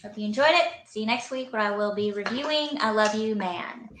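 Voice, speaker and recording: A woman's voice: mid-range voice, fairly quick, noisy background. Offhand woman reviewing a movie, echoey room. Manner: rambling, offhand, dry asides. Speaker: movie reviewer in an old video. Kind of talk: casual movie review vlog.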